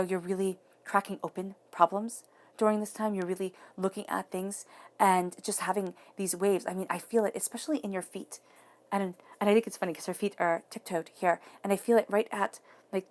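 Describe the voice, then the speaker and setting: A woman's voice: mid-range voice, steady tone, fairly quick. A woman giving an earnest, encouraging tarot reading to viewers, repeating phrases for emphasis. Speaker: tarot reader.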